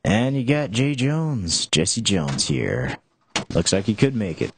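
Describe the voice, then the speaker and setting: A man's voice: fairly low pitch, very animated, slow, noisy background. A young man hosting a casual talk show, rambling with many restarts and filler words. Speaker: show host.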